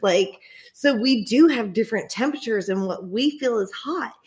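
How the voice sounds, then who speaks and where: A young woman telling a story in casual chat, animated, swearing freely and often laughing. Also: a little high, moderate pace.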